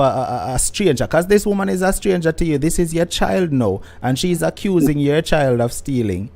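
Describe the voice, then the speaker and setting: Fairly high-voiced man questioning a guest. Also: sing-song, normal speed, vocal fry, a little mellow. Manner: direct, pressing questions. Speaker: show host. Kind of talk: talk show interview.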